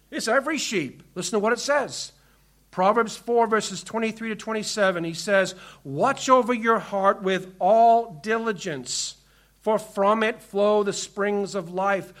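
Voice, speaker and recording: A pastor with a high voice delivers a sermon from the pulpit. He reads scripture aloud and drives home his warnings with emphasis. His voice moves between firm, loud commands and soft, hushed asides.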